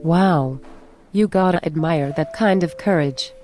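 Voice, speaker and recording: A chatty, curious teenage granddaughter, played by a woman in an amateur skit. Her voice is mellow and fairly low for a girl. Soft music plays faintly behind her. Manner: chatty and quick to complain.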